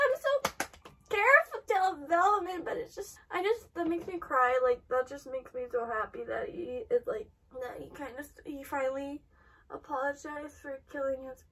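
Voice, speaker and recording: A woman's voice: sits high, fairly bright tone, far from the mic. A woman reacting aloud to an anime episode, emotional, exclaiming and trailing off mid-sentence.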